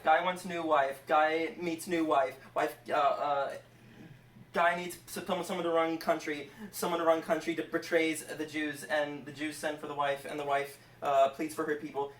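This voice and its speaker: A man rushing through a comic retelling of an old story, rambling and correcting himself, with many fillers. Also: on the high side, level tone, a bit bright, distant mic. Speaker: channel host. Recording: roomy, from off-mic.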